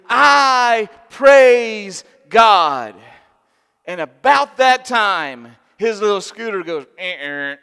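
A man preaching a sermon, telling a story in an animated, humorous way. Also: very high-pitched, clear, resonant tone. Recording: long reverb in a large hall.

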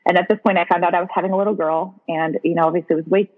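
A woman with a husky voice, a podcast guest frankly telling her personal story in conversation. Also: on the low side, steady tone, rapid-fire. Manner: frank, blunt, with occasional swearing. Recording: tinny phone-like line.

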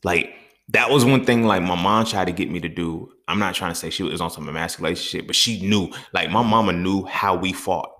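A man hosting a podcast, telling stories in a casual monologue with profane, streetwise, animated talk. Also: low-pitched, brisk. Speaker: podcast host.

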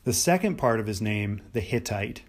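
A man's voice: fairly low pitch, animated, moderate pace. A middle-aged American man teaching on the Bible in a loose, unscripted podcast talk, thinking aloud with many restarts and fillers. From United States.

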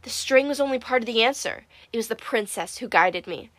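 A woman's voice: fairly high pitch, lively intonation, brisk, no room sound, lightly acted. A woman voicing a dazed teenage ghost with a dry, papery voice. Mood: hollow.

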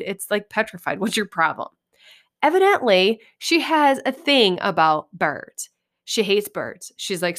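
A woman's voice: mid-range voice, fairly bright tone. A middle-aged woman hosting a podcast, telling a funny story in casual chat, swearing freely and laughing often. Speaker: podcast host.

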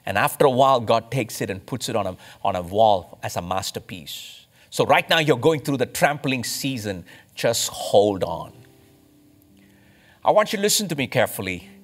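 A man from India, a pastor, preaching a sermon with emphatic rises and slow, stressed phrases. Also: mid-range voice, very animated.

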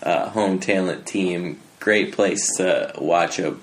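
A man's voice: low-pitched, slow, a little hiss or hum. A man guesting on a podcast, chatting casually in a laid-back way with brief remarks. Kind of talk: casual chat.

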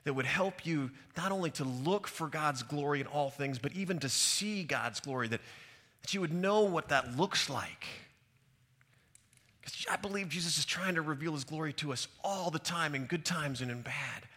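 A man's voice: medium pitch, sharp tone. A middle-aged man, a pastor, preaching a sermon and telling personal stories in an earnest, reflective way, recorded on a stage mic in a large church hall. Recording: hall reverb.

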